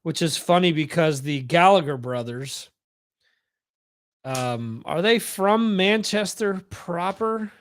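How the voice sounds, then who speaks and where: A man's voice: on the high side, animated, takes it slowly, clean tone. A man hosting a live-stream podcast, chatting casually, rambling and repeating words while reading out viewer comments. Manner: rambling, repeats words, reads chat aloud. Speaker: podcast host.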